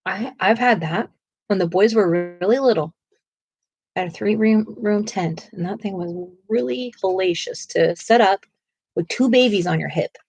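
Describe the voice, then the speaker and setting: A woman's voice: medium pitch, normal speed, darkish tone, breathy edge, dry recording. A woman co-hosting a live coloring stream in casual chat, asking viewers questions and laughing often.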